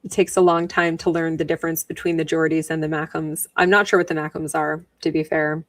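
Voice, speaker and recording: Sarcastic, chatty woman streamer, lower voice. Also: little pitch movement, fairly quick, dry recording, far from the mic. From New York. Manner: chatty, sarcastic, laughs often. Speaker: livestream host. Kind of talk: casual commentary while rewatching a trial. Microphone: wearing headphones.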